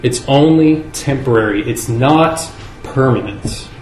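A man preaching a sermon in a church, earnest and measured, leaning on key words with slow emphasis. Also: medium pitch, a little mellow, a little hiss or hum. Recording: echoey room with faint ambience.

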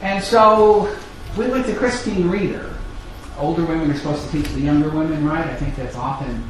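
A middle-aged man preaching a sermon, his voice sitting a little high. He tells stories with animation and acts out the lines of the people in them. The recording carries a strong echo with faint ambience behind him. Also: normal speed, slight background noise. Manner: animated storytelling, acting out family dialogue. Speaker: pastor. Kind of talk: sermon storytelling.

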